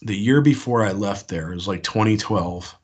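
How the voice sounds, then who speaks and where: A man from the US East Coast with a husky voice rambles through his stories as a caller, full of fillers and restarts. His voice sits on the low side. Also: moderate pace. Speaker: caller sharing encounters. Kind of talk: casual storytelling on a call-in show.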